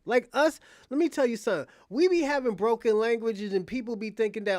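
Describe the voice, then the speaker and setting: A man's voice: very high-pitched, normal speed, few pauses, dry recording, studio quality. A man hosting casual commentary, talking bluntly with profanity. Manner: blunt, profane, animated storytelling. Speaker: host.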